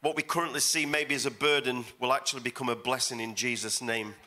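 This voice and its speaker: A man's voice: mid-range voice, fairly even intonation, fast talker, pushed and bright. A middle-aged man preaching as a guest pastor at a church service, emphatic and repeating phrases for effect. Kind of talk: sermon.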